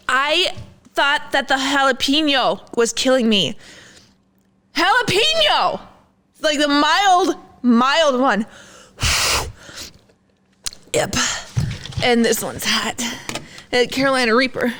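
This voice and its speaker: A woman's voice: sits high, lively intonation, slow, pauses often, pushed and bright. A woman co-hosting a podcast in casual chat, dramatic and complaining, with frequent sighs. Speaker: podcast co-host.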